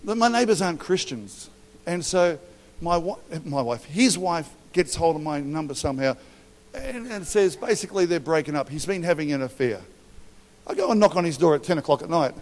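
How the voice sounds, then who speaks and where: A middle-aged man with an Australian accent preaching a sermon to leaders, animated and joking, acting out stories with quoted voices. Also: a little high, fairly quick. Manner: animated, storytelling with acted quotes and humour. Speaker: pastor. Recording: long hall reverb.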